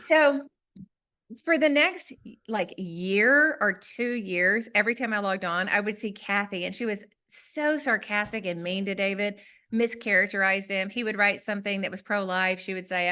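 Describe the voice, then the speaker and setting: A woman with a Southern US accent and a mid-range voice speaks at a moderate pace. As a guest author on a podcast interview, she tells a personal story in an animated, self-deprecating way.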